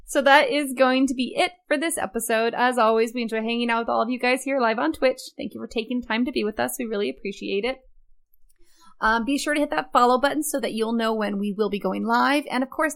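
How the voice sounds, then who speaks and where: Woman co-host, playful and teasing, voice sits a bit high, quick to laugh. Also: creaky. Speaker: podcast co-host. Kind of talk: casual chat on a live-streamed podcast.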